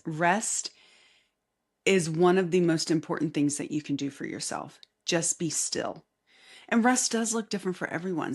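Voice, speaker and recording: A woman hosting a casual solo podcast with a light Southern accent, chatty and rambling, often laughing and dropping into soft asides. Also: sits low, slightly rough. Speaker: podcast host. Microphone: camera mic facing the speaker.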